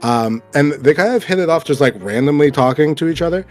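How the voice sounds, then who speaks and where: A man's voice: on the high side, lively intonation, fast talker, faint music behind. A man narrating as game master of a tabletop game, in casual, filler-heavy speech.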